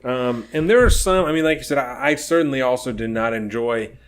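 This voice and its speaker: Man, podcast co-host, medium pitch, emphatic, casual political chat. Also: brisk, smooth. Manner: emphatic, fillers like "you know".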